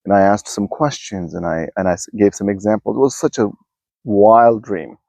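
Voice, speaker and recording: A man's voice: fairly low pitch, moderate pace, vocal fry, dark tone, dry recording. A man hosting a self-help video, talking casually and rambling in a backyard, often restarting his sentences. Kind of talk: casual spoken musing to camera. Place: outdoors in a backyard.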